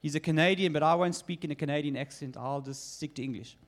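High-voiced preacher. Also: male voice, fast. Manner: lively storytelling with acted quotes. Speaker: pastor. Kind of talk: sermon.

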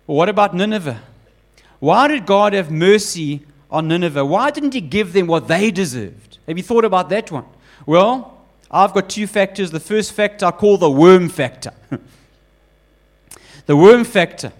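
A man preaching a sermon with emphatic, animated delivery, often building up repeated lists. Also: high-pitched, normal speed. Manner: acts out quoted voices of God and Jonah.

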